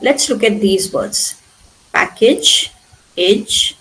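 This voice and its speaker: A woman with an Indian English accent teaching a spoken English lesson, patiently repeating words slowly for her students. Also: medium pitch, a bit bright, rough recording. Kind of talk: classroom pronunciation lesson.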